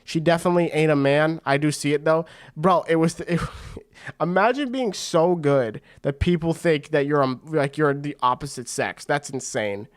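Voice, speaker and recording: A man hosts a fight watch-party stream, talking in a slightly raised pitch. He rambles excitedly and drops slang like "bro" as he calls the action. His commentary stays loose and conversational. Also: moderate pace. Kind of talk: casual fight commentary on a livestream.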